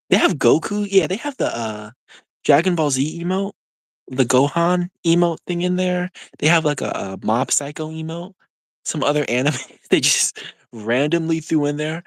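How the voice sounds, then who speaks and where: A young adult streamer chatting casually with viewers, rambling with lots of "like" and quick laughs. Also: mid-range voice, no echo. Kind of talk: casual live-stream chat, answering viewers.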